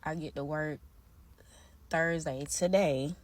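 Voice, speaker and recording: A woman's voice: low-pitched, fairly even intonation, unhurried, a little mellow. A woman in a casual vlog, weary and frustrated with her job.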